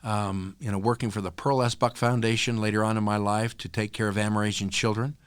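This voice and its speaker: A man's voice: on the low side, little pitch movement, clean tone, dry recording. Older man telling a reflective story. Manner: earnest, reflective, with frequent filler pauses. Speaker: guest. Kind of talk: storytelling interview.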